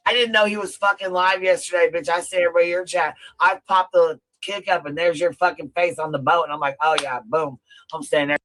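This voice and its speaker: A man's voice: high voice, steady tone, fast talker, pushed and bright, no room sound, poor audio. A man ranting on a live stream clip, heated and full of swearing.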